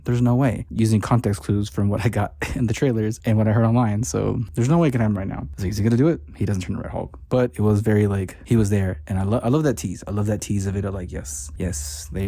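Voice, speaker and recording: A man's voice: on the low side, vocal fry, mellow, no echo, clean studio sound. A man casually recapping a movie plot, rambling with lots of fillers and joking asides. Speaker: movie reviewer.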